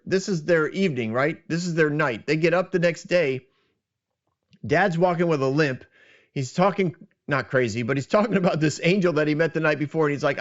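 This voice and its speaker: A man's voice: on the high side, muffled recording. A man hosting a podcast, casually retelling a scripture story in a conversational, self-deprecating way. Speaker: podcast host.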